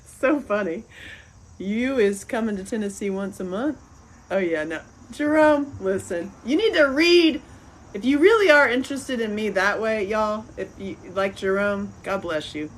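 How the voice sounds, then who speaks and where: A woman's voice: medium pitch, poor audio. A middle-aged woman, chatting on a livestream, rambling and laughing often as she reads out comments. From American South. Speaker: livestream host. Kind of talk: casual livestream chat reading comments.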